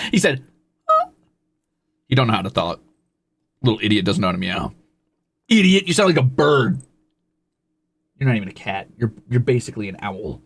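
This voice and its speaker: A man's voice: on the low side, big pitch swings, a little fast, vocal fry, pauses often, a little hiss or hum. A male live streamer in casual chat, teasing and swearing freely as he coos at and scolds his cat.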